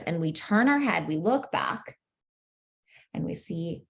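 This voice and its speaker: A woman's voice: fairly low pitch, expressive, takes it slowly, vocal fry. A young adult woman coaching a masterclass in a chatty, playful way, laughing often and saying "like" a lot. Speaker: manifestation coach. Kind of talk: casual masterclass teaching.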